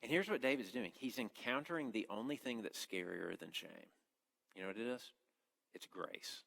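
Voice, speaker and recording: A man's voice: sits low, gravelly, fairly bright tone. A man preaching an earnest, conversational sermon, often restarting his phrases as he speaks. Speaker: campus minister preaching.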